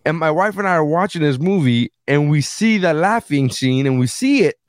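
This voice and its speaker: Man, podcast co-host, lively pitch, joking storyteller, dry sound. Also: moderate pace, no echo. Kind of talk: casual movie chat.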